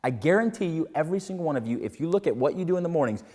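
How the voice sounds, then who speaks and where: A man's voice: fairly high pitch, expressive, racing, a little mellow, long reverb tail. A man hosting a motivational talk, telling casual, self-mocking stories about his daily routine. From Texas. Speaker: host.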